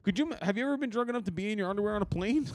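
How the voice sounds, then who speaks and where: A man's voice: high-pitched, expressive, rapid-fire, dry recording. A man hosting a podcast, telling a rambling story in casual chat, laughing often and swearing. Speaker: podcast host. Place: rehearsal studio.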